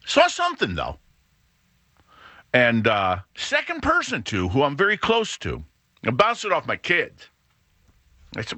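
A man's voice: mid-range voice, huge pitch swings, unhurried, long pauses, bright, forceful tone, dry recording. A middle-aged man hosting a podcast, telling a rambling, self-deprecating story with many restarts. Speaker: podcast host. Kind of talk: casual monologue.

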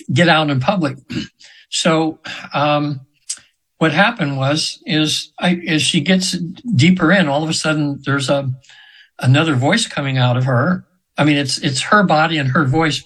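A man's voice: a little high, a bit bright, husky, low-quality recording. A man in his seventies telling stories as a guest in an interview, rambling with fillers and restarts, sometimes acting out voices he quotes. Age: 70s. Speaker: guest hypnotherapist. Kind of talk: casual storytelling in an interview.

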